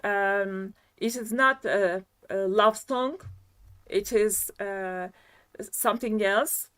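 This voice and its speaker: A woman's voice: mid-range voice, slow pace, a bit bright, clear, resonant tone. A woman with a French accent, giving a singer feedback on a video call, hesitant with many fillers but firm. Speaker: audition judge. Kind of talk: critique of a singer.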